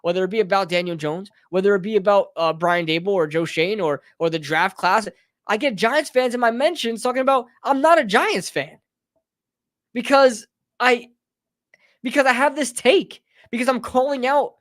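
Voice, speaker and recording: A man's voice: high voice, moderate pace, a bit bright, no room sound, clean studio sound. A man hosting a live sports talk stream, ranting heatedly and often calling listeners bro and brother. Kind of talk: live fan rant.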